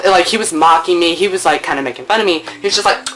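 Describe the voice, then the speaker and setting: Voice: fast, hardly any pauses, faint music behind. A young woman telling a casual story to camera at home, chatty and playful, acting out what people said with big jumps in her voice. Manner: animated, playful, acts out quotes with big pitch jumps; chatty with lots of fillers and swearing. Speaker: storytime vlogger. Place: at home, indoors.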